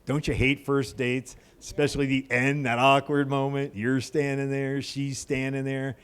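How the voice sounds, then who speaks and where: A man's voice: mid-range voice, level tone, normal speed, a bit bright, smooth. A middle-aged man doing a crude stand-up comedy set in a comedy club, with punchy punchlines and banter with the crowd.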